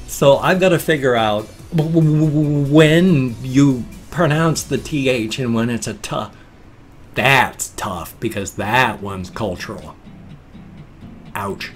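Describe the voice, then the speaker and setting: Man, 50s, vlogger; meandering, self-interrupting chat, average pitch, faint music under him. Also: measured pace. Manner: chatty, self-interrupting, musing. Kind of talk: casual rambling vlog.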